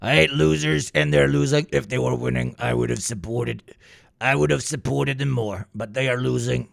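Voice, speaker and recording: A man voicing a boastful, blustering older male president who repeats himself loudly. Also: mid-range voice, steady tone, normal speed, gravelly, dry recording, studio quality. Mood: bragging. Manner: repetitive, bragging, loud.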